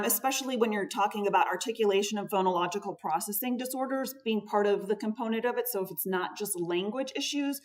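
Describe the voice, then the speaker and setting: A woman speech therapist giving a patient, explanatory conference presentation, stressing key words as she goes. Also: medium pitch. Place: conference room. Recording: voice picked up from a distance.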